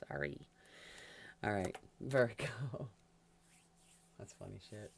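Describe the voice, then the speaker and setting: Gravelly-voiced woman giving a chatty tarot reading. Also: rumbling low, expressive, takes it slowly, slight background noise. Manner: chatty, laughs often, talks straight to the sign. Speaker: tarot reader.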